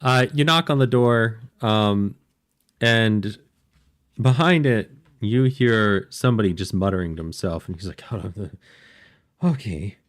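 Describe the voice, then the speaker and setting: A man's voice: fairly low pitch, unhurried, dry recording, clean studio sound. A man narrating as game master of a tabletop game, loose and rambling with hesitant fillers.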